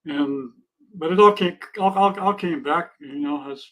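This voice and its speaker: A man in his sixties with a fairly high voice, talking earnestly and plainly as a guest on a casual podcast. He sounds sincere and unhurried. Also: pushed and bright, poor audio. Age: 60s. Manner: earnest, plainspoken, speaks of faith. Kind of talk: casual interview chat.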